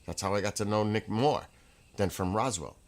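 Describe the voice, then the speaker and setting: Rambling, excitable man host, low-ish voice. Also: moderate pace. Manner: rambling, excitable storytelling with laughter. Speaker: livestream host. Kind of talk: casual chat. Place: at home.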